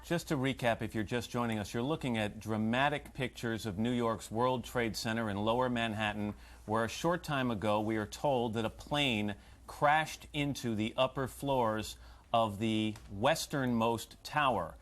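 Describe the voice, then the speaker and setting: News anchor guy, mid-pitched, steady and measured, recapping for viewers. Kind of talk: live breaking news.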